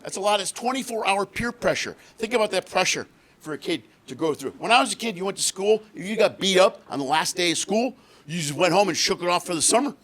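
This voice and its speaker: A middle-aged man working a theater crowd with a high-energy stand-up set. His voice sits high for a man, and he swings into loud, shouted punchlines while acting out the people in his stories. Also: expressive, fast. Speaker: stand-up comedian. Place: theater stage before a laughing audience.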